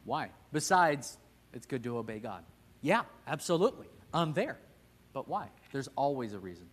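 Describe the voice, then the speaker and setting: Man, thirties, bible class teacher, chatty, asks questions, mid-pitched. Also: sing-song, normal speed.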